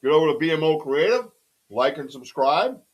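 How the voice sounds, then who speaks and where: Excitable rambling podcast host guy. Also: fairly high pitch, normal speed, slightly rough, muffled recording. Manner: excitable, rambling, shout-outs to chat. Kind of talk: casual livestream chat. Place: home studio.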